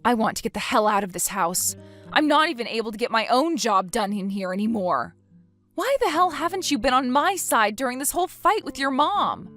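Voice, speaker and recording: A woman's voice: fairly high pitch, sing-song, fairly quick, soft background music. A woman voicing a fed-up young wife who works from home, snapping back in exasperation, in a text-story dramatization. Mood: exasperated. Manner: exasperated, angry, sharp retorts.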